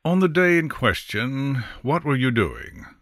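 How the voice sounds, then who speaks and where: A man's voice: medium pitch, very animated, fairly bright tone, no room sound, clean studio sound, pitched above the performer's own voice. Man doing a probing angel prosecutor. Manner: measured, questioning.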